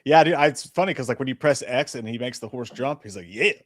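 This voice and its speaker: Man, movie show co-host, casual banter, quick pace, dry sound, joking. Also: mid-range voice, no room sound. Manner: joking, laughs often. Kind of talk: casual chat.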